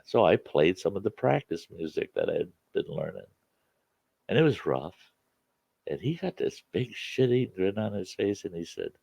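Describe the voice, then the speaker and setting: A man's voice: sits low, lively intonation, normal speed, gravelly, a little mellow, husky, dry recording, highs cut off. A man hosting a casual chat show, telling rambling, folksy stories with many restarts. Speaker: campfire chat show host.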